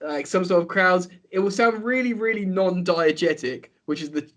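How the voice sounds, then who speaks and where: Guest with a fairly high voice on a call: chatty, rambling, full of "like" and "you know". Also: male voice, moderate pace. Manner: rambling, animated, many fillers. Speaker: podcast guest. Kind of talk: casual online football chat.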